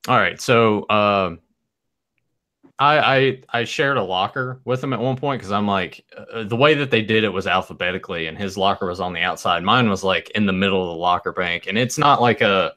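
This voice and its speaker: A man's voice: lowish voice, normal speed, pushed and bright. A man co-hosting a casual podcast chat, laughing and telling teasing stories about his friends. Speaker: podcast co-host.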